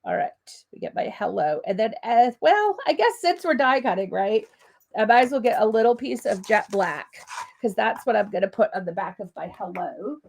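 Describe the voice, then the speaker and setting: A woman's voice: medium pitch, animated, normal speed, vocal fry, darkish tone. A woman with a Canadian accent hosting a live crafting demo, rambling in a friendly way while she has a cold and a cough. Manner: rambling, friendly, lots of ums and asides. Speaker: crafting livestream host.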